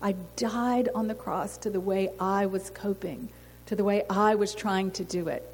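A woman's voice: medium pitch, steady tone, normal speed, a little mellow, breathy edge. A woman giving an earnest sermon testimony to a women's gathering, telling a story and asking rhetorical questions. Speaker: women's ministry speaker. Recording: long hall reverb, faint noise.

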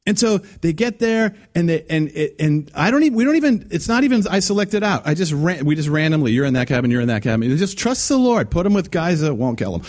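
A man preaching a sermon, telling a story in an animated, emphatic way with frequent restarts. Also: on the high side.

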